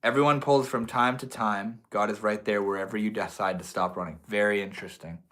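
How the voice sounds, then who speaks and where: A man's voice: on the low side, fairly even intonation, fairly quick, fairly bright tone. A man hosting a casual livestream at home, tipsy, reading chat comments and slipping between spiritual musings, calling people bro and dude. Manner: loose, profane, says bro and dude, preachy bursts. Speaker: livestream host. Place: indoors at home.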